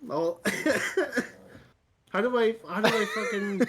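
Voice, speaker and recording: A man's voice: high voice, slow pace, noisy background. A man hosting his game stream, chatting casually, laughing often and swearing freely. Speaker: streamer host. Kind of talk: casual chat while gaming.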